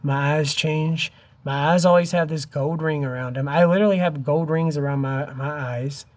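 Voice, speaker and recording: A man's voice: a little high, steady tone, normal speed, darkish tone. A man in his fifties speaking urgently and emotionally to his camera, pleading with viewers, his voice close to tears, and he keeps saying "dude" and "man". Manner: emotional and wavering, near tears. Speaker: vlogger. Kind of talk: impassioned direct-to-camera vlog.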